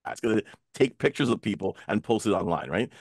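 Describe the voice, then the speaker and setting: A man hosts a casual discussion over a video call, his low voice close and dry. He tells stories with energy and slips into the voices of the people he quotes. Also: a little fast, vocal fry, slightly rough, no room sound. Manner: animated storyteller, acts out quoted voices. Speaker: talk show host.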